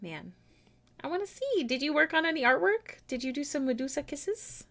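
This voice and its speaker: A young woman chatting casually with her viewers on a live art stream, self-deprecating and prone to sudden excited exclamations. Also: high-pitched, moderate pace. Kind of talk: casual live-stream chat while drawing. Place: home room.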